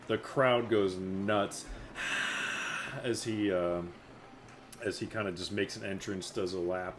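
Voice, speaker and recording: A man narrating a tabletop game as game master, slow and unhurried, with many fillers. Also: fairly low pitch, noisy background.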